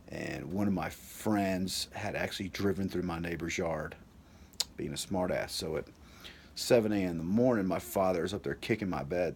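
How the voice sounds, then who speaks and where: A man's voice: low voice, gravelly, slight background noise. A man telling a personal story in a loose, rambling way, full of "like" and "you know.".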